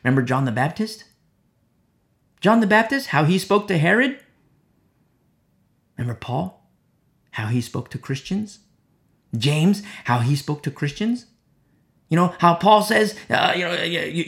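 A man preaching a Bible sermon, repeating key phrases and swinging between loud emphatic peaks and hushed asides. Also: fairly high pitch, big pitch swings, a little slow, gravelly, long pauses.

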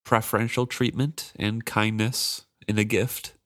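A man co-hosting a book podcast, chatting casually and retelling a novel in a relaxed way, laughing often. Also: lowish voice, a little slow.

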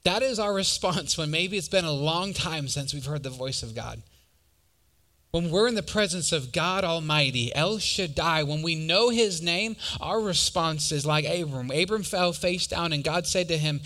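A young man preaching in a church, his voice bright and forward, sitting a little high for a man. He slips from scripture into lively stories and keeps asking the crowd for a show of hands. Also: moderate pace. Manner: conversational, animated storytelling with audience questions. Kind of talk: sermon.

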